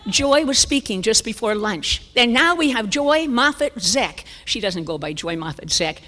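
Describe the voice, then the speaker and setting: With a slightly high voice at normal speed, an older woman at a church conference tells a funny story animatedly, voicing the characters with abrupt jumps and whispers. The recording carries the long reverb of a church sanctuary hall.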